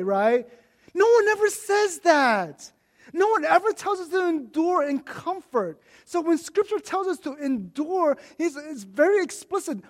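A man as pastor, giving a conversational sermon with lots of restarts, turning animated when he mimics his own complaints. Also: extremely high pitch, unhurried.

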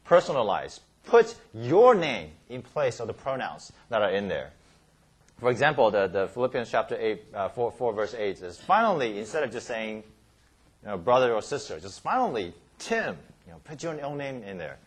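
A man's voice: medium pitch, very animated, normal speed, breathy edge. A man teaching a Bible study class, repeating key words, checking in with "okay?" and "right?", and often restarting his words.

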